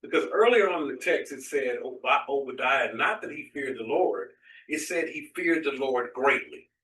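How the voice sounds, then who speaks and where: Bright-voiced man, distant and echoey. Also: mid-range voice, expressive, moderate pace. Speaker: study group participant. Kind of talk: discussion comment. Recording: echoey room, voice from far off.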